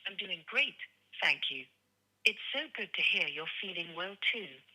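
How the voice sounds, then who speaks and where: A woman's voice: on the low side, animated, a little slow, pushed and bright, low-quality recording. A text-to-speech woman's voice acting as an AI phone agent, cheerful, friendly and polished. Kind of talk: synthetic voice agent reply.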